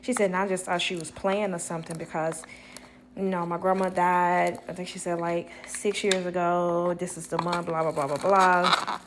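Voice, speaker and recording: Woman, casual storytime, animated, acts out quotes, laughs a lot. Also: on the low side, normal speed, background noise. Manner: animated, quotes people in lively voices, laughs often. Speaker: storyteller vlogger.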